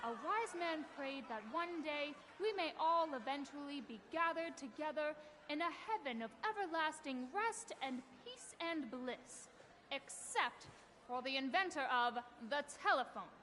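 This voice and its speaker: An actress voicing a young ragtime stage singer who chats to the crowd and sings a song. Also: female voice, sits high, lively intonation, a little slow, slight background noise. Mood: chatty. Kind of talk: period stage song and patter. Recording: game audio with loud music.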